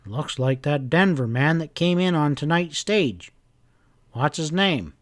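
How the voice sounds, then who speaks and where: A man reading aloud and voicing a suspicious male hotel proprietor, sharp and demanding. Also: on the high side, lively intonation, unhurried. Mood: tense.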